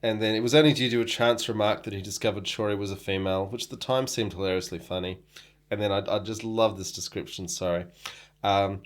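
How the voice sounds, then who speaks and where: A man with a fairly low voice talks through a novel in a relaxed podcast chat. He stops to read passages aloud with some emphasis and laughs easily between points. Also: fast talker. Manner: reads quotes with emphasis, chuckles often. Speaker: podcast co-host. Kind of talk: casual book discussion, reading passages aloud.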